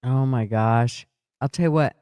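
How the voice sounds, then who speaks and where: A man's voice: medium pitch, measured pace, mellow, clear, resonant tone, dry recording, studio quality. An older man hosting a casual chat, laughing a lot. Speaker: podcast host.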